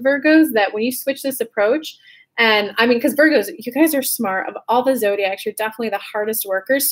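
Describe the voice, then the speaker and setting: A young woman from California chats her way through a horoscope card reading, friendly and upbeat. Her voice sits a little high, and she talks in a loose, conversational way. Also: husky. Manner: chatty and upbeat, laughs at her own slips. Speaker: intuitive card reader.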